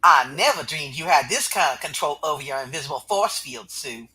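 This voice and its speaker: A man's voice: fairly high pitch, animated, fairly quick, pushed and bright, breathy edge, exaggerated voice, poor audio. Man reading a confident green superheroine. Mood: earnest. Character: She-Hulk, a strong, confident green superheroine. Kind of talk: comic book read-aloud.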